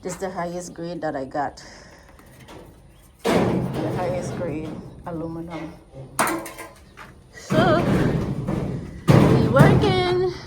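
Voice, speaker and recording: A woman's voice: on the low side, steady tone, takes it slowly, long pauses, over loud music. An American woman from the United States giving a casual, easygoing walking tour of her rural homestead and talking straight to her viewers, recorded outdoors on a handheld phone. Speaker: vlogger. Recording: loud outdoor background noise.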